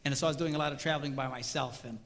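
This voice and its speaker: A man's voice: mid-range voice, rapid-fire, creaky. A middle-aged man giving a comedic talk on marriage to a live audience, acting out voices and bantering with the crowd. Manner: animated, acts out voices, jokes with crowd. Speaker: speaker on marriage. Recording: hall reverb with faint ambience.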